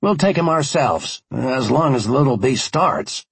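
A man reading an audiobook, voicing a brisk, decisive man who takes charge and speaks curtly. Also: mid-range voice, very animated, vocal fry, husky, dry recording, pitched above the performer's own voice, full character voice. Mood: determined. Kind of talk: audiobook character voice.

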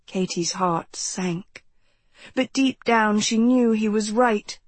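A woman reading a novel aloud as audiobook narrator, steady and unhurried. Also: medium pitch, no echo. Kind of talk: scripted narration.

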